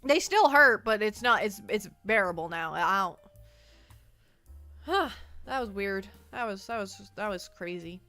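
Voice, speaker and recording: Bright, lively woman streamer rambling. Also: medium pitch, unhurried, faint music behind. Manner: rambling, repeats words, reacts to chat. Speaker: livestreamer. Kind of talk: casual livestream chat.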